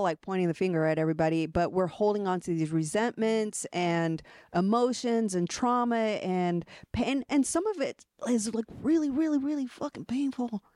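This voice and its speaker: A woman's voice: mid-range voice, a little mellow, no echo, clean studio sound. A woman guest on a podcast, an energy coach, talking in a frank, casual way with plenty of swearing and restarted phrases.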